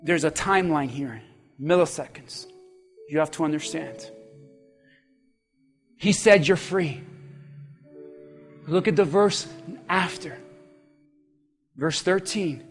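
A man's voice: fairly high pitch, slow, long pauses, soft background music. A man preaching a sermon as pastor, fervent and exhorting his congregation.

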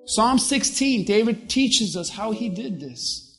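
A pastor preaching a sermon with emphasis, slowing down to stress key words. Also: medium pitch, animated, soft background music.

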